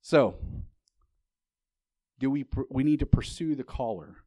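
Guy preaching, chatty storyteller, mid-pitch voice, dry close sound. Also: expressive, measured pace, mellow, no room sound. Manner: conversational storytelling, frequent restarts; rhetorical questions to the congregation. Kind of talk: sermon.

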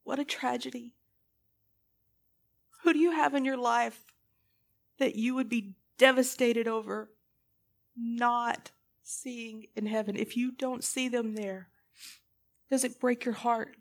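A woman's voice: fairly high pitch, steady tone, takes it slowly, pauses often. A woman preaching a sermon in an earnest, impassioned way, putting pointed questions to her listeners.

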